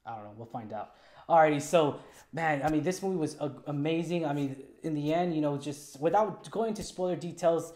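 A man's voice: fairly high pitch, a little fast, darkish tone. A young man hosting a casual solo movie review, talking in an upbeat, chatty way with lots of asides and little jokes.

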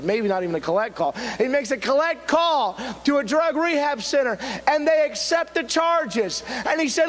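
A man with a very high, ringing voice preaches a revival sermon. He tells the story with fervent, dramatic energy and pushes up into shouts from the pulpit. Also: animated, brisk, rough recording. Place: church sanctuary.

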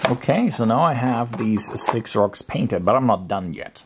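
A man narrating a casual hobby crafting tutorial at home in a relaxed, chatty way, with frequent fillers. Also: mid-range voice, measured pace, noisy background. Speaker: crafting vlogger.

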